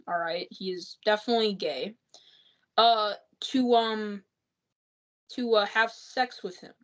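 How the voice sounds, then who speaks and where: A woman's voice: mid-range voice, muffled recording. A woman giving a rambling, exasperated spoken movie review, full of fillers and restarts.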